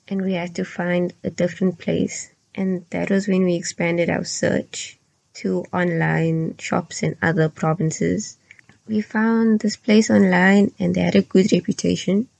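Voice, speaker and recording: A young woman from South Africa co-hosting a casual podcast, explaining step by step in a measured way. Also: lowish voice, level tone, creaky, a little mellow, no room sound. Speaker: podcast co-host. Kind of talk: casual chat.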